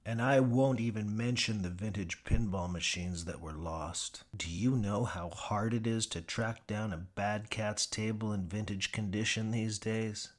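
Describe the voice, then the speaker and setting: Slow, low-voiced male audiobook narrator. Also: fairly even intonation. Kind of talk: first-person comic audiobook narration.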